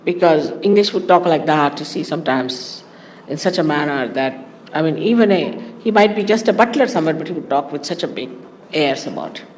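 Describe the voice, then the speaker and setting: Woman, spiritual talk, teasing and animated, low voice, long hall echo. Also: brisk, a little hiss or hum. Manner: animated and teasing, laughs often. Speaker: spiritual teacher.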